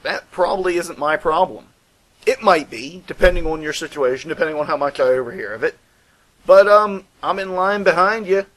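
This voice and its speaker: A man's voice: normal speed, fairly bright tone, rough recording. A man hosting a spoken podcast, talking in a reflective, earnest monologue. His voice sits a little above the usual male range. He lifts it further when he acts out what people said. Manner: earnest, reflective, acts out quoted lines with raised pitch. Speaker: guest podcast host. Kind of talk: personal storytelling monologue.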